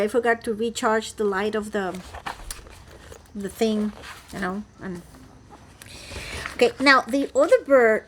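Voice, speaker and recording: A fairly high-voiced woman from Costa Rica, a cross-stitch vlogger and flosstuber, chats casually to the camera from her home. She rambles with lots of fillers and restarts, and there's slight background noise.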